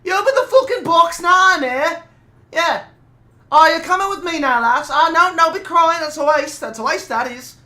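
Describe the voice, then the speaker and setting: A demon from hell, all pally menace in a put-on Cockney accent, as a woman plays him, promising torment like an invitation to the pub. The voice sits high and bright, and he talks in a jovial, mock-friendly way. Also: normal speed. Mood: menacing glee. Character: menacing male hell demon, chummy British lad.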